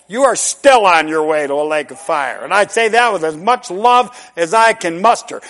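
Male preacher, middle-aged, high voice, folksy, preaches with big swings from hush to loud. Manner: emphatic, swings from hushed to loud with long drawn-out words; folksy and conversational, repeats "amen". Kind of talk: sermon. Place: church service.

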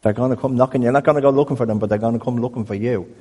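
A man preaching a sermon as a pastor, telling stories in a conversational, animated way. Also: medium pitch, rapid-fire, husky, long reverb tail. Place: church building.

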